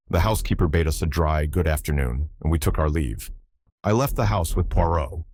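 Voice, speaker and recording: A man reading a mystery novel aloud in a steady, measured way. His voice sits very low. The sound is dry and close to the microphone. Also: dry recording. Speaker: audiobook narrator. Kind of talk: scripted narration.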